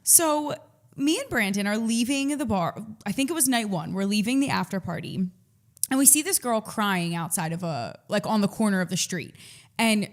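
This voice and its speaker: A young woman from the Philadelphia area co-hosting a podcast, telling stories in an expressive, casual way with some swearing. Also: mid-range voice, moderate pace. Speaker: podcast co-host. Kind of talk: casual storytelling chat.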